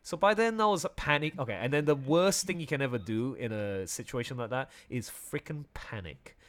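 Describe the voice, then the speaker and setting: A young man telling a personal story in casual conversation, animated, often laughing and restarting his sentences. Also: mid-range voice, fairly quick.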